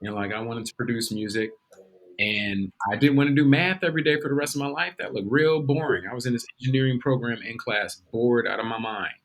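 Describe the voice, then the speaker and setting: A man's voice: medium pitch, brisk, highs cut off. A man guesting on a podcast as an actor, telling stories in a laid-back, joking way. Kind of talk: casual interview chat.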